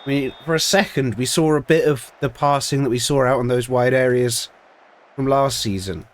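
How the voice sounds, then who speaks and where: A man's voice: medium pitch, normal speed. A man giving ranting, sweary commentary on a football management game, exasperated with his team. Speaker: streamer.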